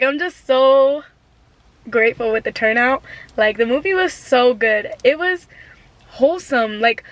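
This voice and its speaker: A woman's voice: fairly high pitch, fairly bright tone. A young woman vlogger chatting casually to her camera, gushing and full of slang.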